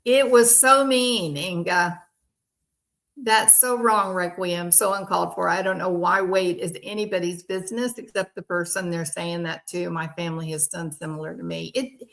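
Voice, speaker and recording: A woman's voice: mid-range voice, sharp tone. A woman hosting casual true crime commentary, bluntly and indignantly answering viewers by name. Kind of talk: casual commentary reacting to chat.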